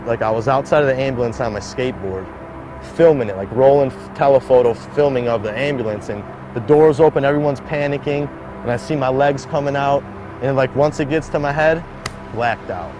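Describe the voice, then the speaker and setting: A man's voice: mid-range voice, brisk, noisy background. A young man telling a personal story in an interview, peppering it with "like". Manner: heavy use of "like", acts out quoted voices. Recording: interview clip with music underneath.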